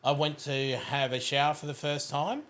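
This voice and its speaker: A middle-aged man, a podcast guest telling stories in a casual, animated way and often laughing. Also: on the high side, moderate pace. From Australia. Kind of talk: casual storytelling.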